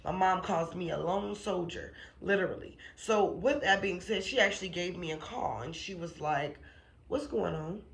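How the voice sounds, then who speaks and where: A woman's voice: fairly low pitch, moderate pace, few pauses. A woman sharing a personal faith testimony in a casual, emphatic way. She repeats phrases for emphasis and keeps checking in with "okay?" and "you know what I'm saying?". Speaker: channel host giving a faith testimony.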